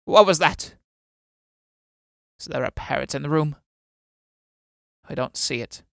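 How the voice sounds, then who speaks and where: A man playing a scheming old man on crutches, speaking in a low, menacing and commanding way. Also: steady tone, normal speed, vocal fry, clean tone, no room sound, clean studio sound. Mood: hushed.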